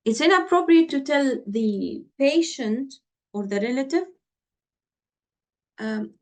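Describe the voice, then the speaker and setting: A woman's voice: high-pitched, expressive, darkish tone. A woman teaching doctors in an online lesson over a computer mic, repeating her points and checking in with her listeners. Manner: slow, repetitive, checks in with listeners. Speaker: medical exam tutor.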